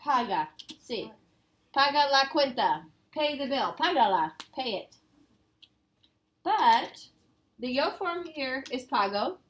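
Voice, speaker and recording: A woman's voice: high-pitched, animated, slow pace, long pauses, a bit bright. A woman teaching a casual review lesson, explaining step by step and quizzing her students. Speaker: Spanish teacher.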